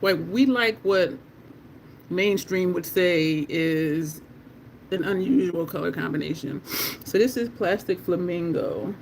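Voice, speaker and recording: An excitable, chatty beauty livestream host swatching makeup at home and talking straight to the chat. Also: mid-range voice, slow pace, creaky, a little hiss or hum. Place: at home in Delaware.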